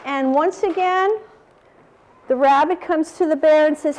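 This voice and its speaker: Woman storyteller, high pitched, animated read-aloud for children with questions. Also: a little slow. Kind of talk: reading a picture book aloud to children.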